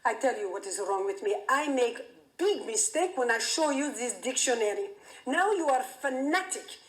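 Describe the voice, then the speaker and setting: A woman's voice: on the high side, expressive, moderate pace, reverberant, natural voice, low-quality recording. A woman doing her doting father. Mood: exasperated. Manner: theatrical, doting, then blustering. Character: emotional, grandiose immigrant father, middle-aged man.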